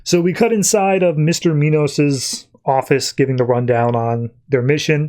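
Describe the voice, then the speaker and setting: A man's voice: a little high, a little mellow. A man hosting a podcast, recapping a comic in a loose, rambling way with many fillers and restarts. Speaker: podcast host. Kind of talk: casual comic-book recap.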